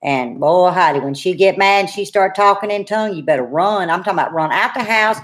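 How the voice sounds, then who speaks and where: Co-hosting a live cooking chat stream, this middle-aged Louisiana woman keeps things folksy, chatty and teasing. She speaks briskly in a voice that sits on the low side, with a Southern accent.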